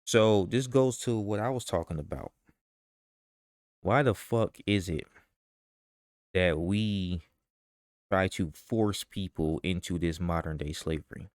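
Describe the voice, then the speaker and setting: Deep-voiced man ranting, heated and profane. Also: slow, pauses often, no echo, studio quality. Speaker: vlogger. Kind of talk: ranting commentary.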